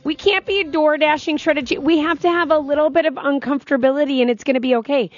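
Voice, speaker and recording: A woman's voice: high-pitched, fast, lo-fi sound, faint music behind. Chatty woman. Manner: chatty, animated storytelling. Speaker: radio show co-host. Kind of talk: casual chat.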